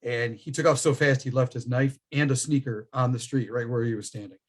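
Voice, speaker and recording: Middle-aged dude trainer telling a war story on a podcast, laughs a lot, normal pitch. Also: male voice, brisk. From New York state. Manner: animated storyteller, laughs often. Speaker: firearms trainer guest. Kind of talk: casual storytelling chat.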